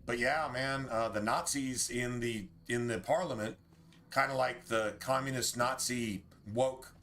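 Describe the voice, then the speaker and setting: A man talking off the cuff while streaming a game. His voice is bright and forward, and he rambles from point to point with plenty of cursing. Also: mid-range voice. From United States. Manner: rambling, profane, opinionated. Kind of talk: casual livestream chat.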